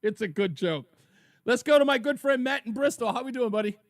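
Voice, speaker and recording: A man hosting a call-in talk radio show, lively and laughing at his own jokes. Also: very high voice, brisk, no room sound, clean studio sound. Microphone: studio microphone.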